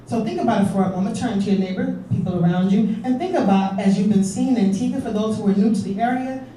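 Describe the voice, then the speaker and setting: A woman's voice: medium pitch, mellow, slight background noise. Woman speaking in an echoey hall. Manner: earnest, urging, asks the audience questions. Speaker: conference speaker. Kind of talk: public speech to an audience. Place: conference hall. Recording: echoey hall, distant mic.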